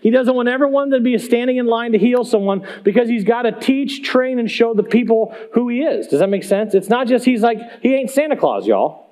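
Man, very high voice, pastor, emphatic casual preaching, rhetorical questions. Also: lively intonation, brisk, a little mellow. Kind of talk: sermon. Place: church sanctuary.

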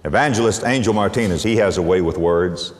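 A man preaching a sermon, dropping to hushed low tones and rising for emphasis. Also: fairly quick. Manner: lively, dramatic swings from soft low tones to high emphasis. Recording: echoey hall reverb.

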